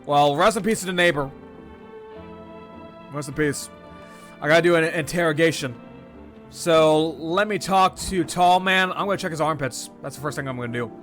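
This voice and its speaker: A man giving casual, animated gameplay commentary with jokey loud outbursts. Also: on the high side, normal speed, long pauses, soft background music. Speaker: gamer.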